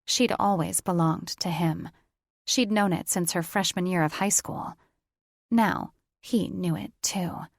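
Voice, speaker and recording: A woman narrating a romance audiobook with steady, intimate storytelling. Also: fairly low pitch, unhurried, creaky, no echo, clean studio sound.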